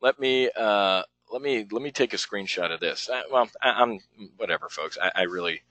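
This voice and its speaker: A man's voice: lowish voice, normal speed, bright, forceful tone, no echo, poor audio. A man running a live options trading webinar, talking bluntly and rambling with some profanity as he works through trades on screen.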